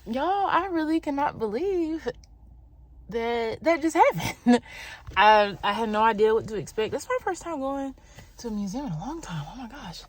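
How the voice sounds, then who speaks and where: A woman in her thirties, a cowgirl and mother, chatting to viewers in a casual vlog, excitable and calling her audience y'all. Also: fairly high pitch, normal speed, slight background noise. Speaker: vlogger, cowgirl. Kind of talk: casual vlog narration to camera.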